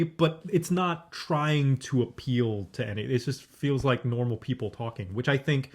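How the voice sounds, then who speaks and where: A man talks through his take on a film in a loose, rambling way, full of fillers. His voice sits at an ordinary middle pitch, and he sounds opinionated but easygoing. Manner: chatty and opinionated, many fillers like "like" and "um". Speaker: podcast co-host. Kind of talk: casual chat, movie review.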